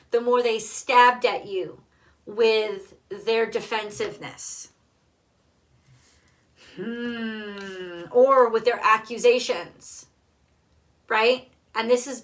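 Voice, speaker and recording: Tarot reader, woman, bright higher voice, blunt and emphatic, swears freely. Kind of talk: casual tarot card reading.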